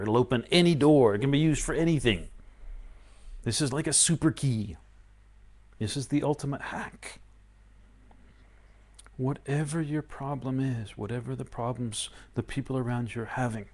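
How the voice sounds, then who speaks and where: A man giving a live-streamed spiritual talk, animated and playful, often acting out excited inner voices. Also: medium pitch, moderate pace. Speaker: spiritual teacher.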